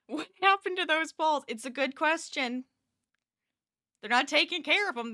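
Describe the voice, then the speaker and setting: Woman, casual streamer, tired but chatty, laughs easily, crisp bright tone. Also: sits high, very animated, slow, pauses often, no room sound, clean studio sound. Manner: chatty, laughs often, reads chat aloud. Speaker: crochet streamer. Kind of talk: casual live-stream chat. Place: home office.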